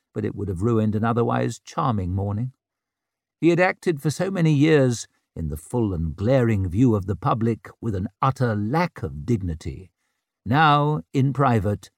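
A man narrating an audiobook in an expressive, wry storytelling manner. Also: medium pitch, vocal fry, dry recording, clean studio sound. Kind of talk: scripted narration.

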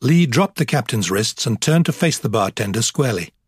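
Husky male audiobook narrator. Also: mid-range voice, no echo, studio quality. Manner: measured, even storytelling. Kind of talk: scripted narration.

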